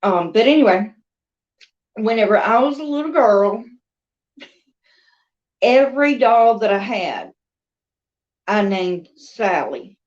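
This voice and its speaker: A woman's voice: medium pitch, animated, slow pace, pauses often, darkish tone, lo-fi sound. A woman with a Southern US accent telling a rambling, chatty story in a casual vlog, with laughs between thoughts. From American South. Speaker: crochet and doll vlogger.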